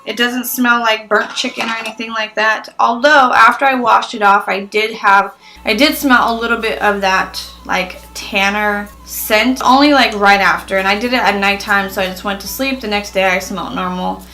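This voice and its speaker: Chatty young woman with bright, gravelly voice. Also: mid-range voice, fairly even intonation, normal speed, rough recording. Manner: chatty, frequent "like" fillers. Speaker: beauty vlogger. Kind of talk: casual product review vlog.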